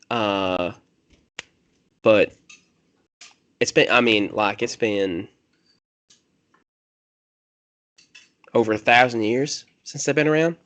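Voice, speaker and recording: Guy doing a lowish-voiced country hermit, rambly and wary, keeps losing his train of thought. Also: fairly bright tone. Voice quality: country drawl. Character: reclusive rural male hermit, rambling and wary.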